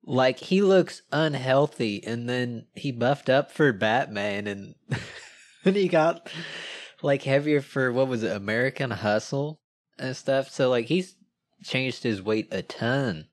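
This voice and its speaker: An enthusiastic man co-hosting a podcast who chats about movies and leans on fillers. His voice is mid-pitched and recorded dry, with no room sound. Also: animated, slow, no room sound. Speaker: podcast co-host. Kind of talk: casual movie review chat.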